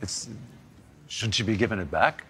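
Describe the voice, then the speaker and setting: Blunt, bickering sitcom lead with a bright, tense voice, played by a man. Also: fairly low pitch, normal speed, a little hiss or hum, natural voice. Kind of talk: improvised sitcom dialogue.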